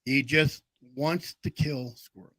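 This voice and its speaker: A man's voice: on the high side, takes it slowly, fairly bright tone, no echo, rough recording. A man hosting a casual livestream chat, telling long rambling anecdotes. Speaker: livestream host.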